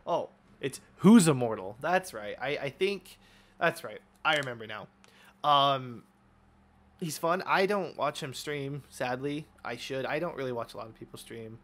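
A young man giving casual, excitable commentary over his own gameplay, swearing often and trash-talking opponents. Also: medium pitch, measured pace. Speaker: gaming YouTuber.

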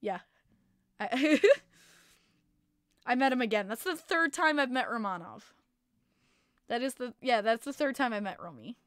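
A woman hosting a casual hockey podcast livestream, excitable, laughing often and swearing freely as she reads chat messages. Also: on the high side, a little slow, pauses often, no echo, studio quality. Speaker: podcast host.

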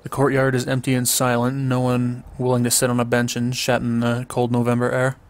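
A man reading a visual novel's text aloud in a flat, even way, with casual asides and small stumbles. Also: mid-range voice, fairly quick. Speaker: let's play commentator. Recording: faint music underneath.

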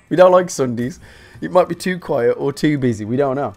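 A man's voice: mid-range voice, quick pace, darkish tone. A man, chatting casually and swearing freely while commentating his own game playthrough. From England. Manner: sweary, chatty, jokey rants to viewers. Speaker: gaming YouTuber. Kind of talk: casual let's-play commentary.

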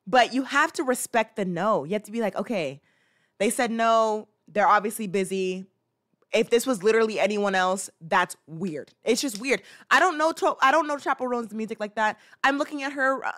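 A woman's voice: a little high, a little fast, a bit bright. A woman hosting a casual reaction chat, rambling with plenty of fillers and restarts and acting out little scenes. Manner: playful, acts out little scenes. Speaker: host.

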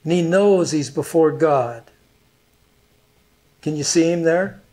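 Slow, earnest man preaching a sermon. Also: fairly high pitch, darkish tone. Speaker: pastor.

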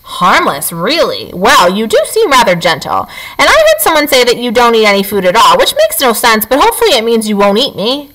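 A woman's voice: on the high side, huge pitch swings, a little fast, hardly any pauses, a bit bright, rough recording. A woman reading aloud and voicing a chatty, theatrical female possum who talks dramatically. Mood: gushing. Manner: gushing, dramatic.

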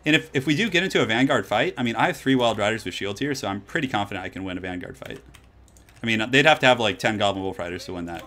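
A man's voice: lowish voice, animated, quick pace, bright, forceful tone. A man casually chatting while streaming a strategy game, laid-back and laughing often, trailing off into fillers. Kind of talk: casual gaming stream chat. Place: home, California.

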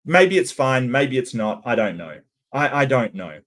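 A man's voice: medium pitch, very animated, unhurried, a bit bright. A man hosting a channel, giving casual reaction commentary in a hesitant way, with lots of stammered restarts and ums. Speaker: channel host reacting to cartoon clips.

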